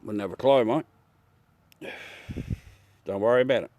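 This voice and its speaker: A man's voice: medium pitch, normal speed, highs cut off, noisy background. A middle-aged Australian man chatting casually and bluntly with viewers on a livestream, swearing and calling everyone mate. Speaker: livestream host. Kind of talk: casual live chat with viewers.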